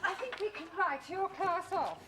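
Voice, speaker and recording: An actress playing a stern, curt principal in a sitcom. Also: female voice, very high-pitched, normal speed, heavy background noise. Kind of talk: 1970s studio sitcom acting.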